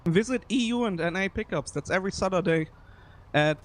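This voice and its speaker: A man casting a live esports match, calling the play quickly. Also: high-pitched, animated. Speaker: esports caster.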